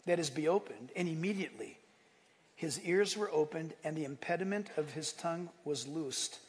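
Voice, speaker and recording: Animated high-voiced male preacher. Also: moderate pace, long reverb tail. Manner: animated preaching, acts out quotes, asks the room. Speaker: pastor. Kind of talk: sermon.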